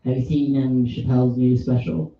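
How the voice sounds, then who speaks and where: In this dull-sounding recording of a casual pub podcast, made on a distant mic in an echoey room, the male host chats eagerly about movies and laughs easily. He speaks at normal speed, with a medium pitch and a level tone.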